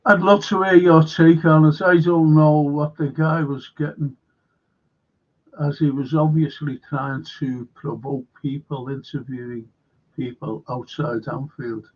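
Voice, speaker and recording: On a lo-fi recording, a Liverpool-accented host delivers a rambling, opinionated monologue at a measured pace, his pitch fairly high. He livens up noticeably when quoting other people.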